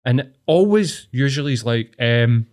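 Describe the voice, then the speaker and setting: A man's voice: mid-range voice, animated, moderate pace, darkish tone. A young Scottish man in casual conversation, talking bluntly and opinionated, swearing freely. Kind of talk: casual chat.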